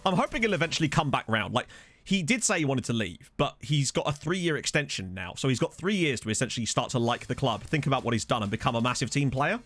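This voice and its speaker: A young gaming channel host talks fast and animatedly in a fairly bright mid-range voice, dryly recorded on a desktop studio mic. He jokes and reacts to the match while playing a football management game, game music faint in the background.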